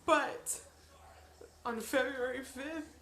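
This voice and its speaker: A woman in her thirties telling a personal story on her vlog, emotional and halting, with many restarts. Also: high-pitched, steady tone, a bit bright, a little hiss or hum. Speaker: vlogger. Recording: echoey room.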